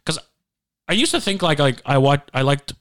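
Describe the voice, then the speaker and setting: A man's voice: fairly high pitch, animated, moderate pace, a bit bright. Rambling jokey man on a podcast. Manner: rambling, jokey, many restarts. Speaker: podcast host. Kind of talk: casual chat.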